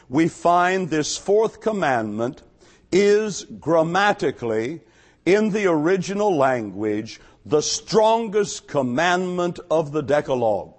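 A man preaching an expository sermon, teaching in a measured, deliberate way and stressing key words. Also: a little high.

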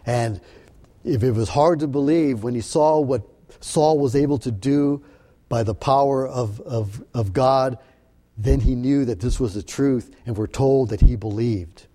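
A man delivering a Bible-study sermon, explaining the text in an earnest, searching way. His voice is mellow and warm, at an ordinary middle pitch. He often stumbles and repeats words before pressing on. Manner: earnest, halting with repeated restarts. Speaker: preacher. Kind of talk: sermon-style Bible teaching.

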